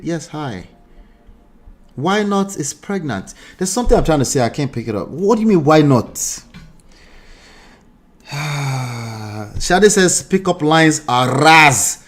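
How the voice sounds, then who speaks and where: A man hosting a live stream, reacting to a video and picking apart every word with rhetorical questions. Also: mid-range voice. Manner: animated, picks apart words, rhetorical questions.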